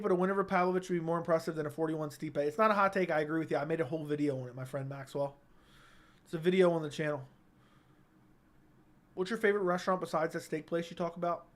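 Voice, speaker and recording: A young man hosting a casual livestream on a studio mic, reading chat comments aloud and joking in a laid-back way. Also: fairly high pitch. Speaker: livestream host. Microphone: studio dynamic mic.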